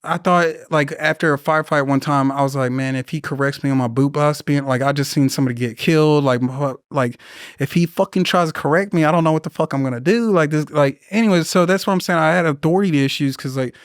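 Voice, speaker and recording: A man in his thirties tells rambling war stories as a podcast guest, swearing freely and acting out the people he quotes. His voice sits fairly high and comes through smooth and clear. It is recorded close and dry, with no room around it. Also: quick pace, no echo. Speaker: podcast guest, Marine veteran. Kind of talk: casual storytelling interview.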